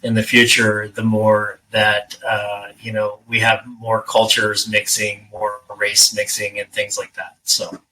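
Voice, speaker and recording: A man hosting a podcast, wrapping up an interview in a relaxed, halting way. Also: fairly low pitch. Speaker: podcast host. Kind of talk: casual interview wrap-up. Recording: distant mic with faint noise.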